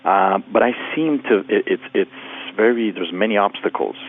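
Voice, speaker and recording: A man from Canada calls into a radio show and asks his question in a halting way, restarting often. His voice is very deep and comes through a tinny, narrow phone line. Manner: hesitant, halting, many restarts. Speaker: caller.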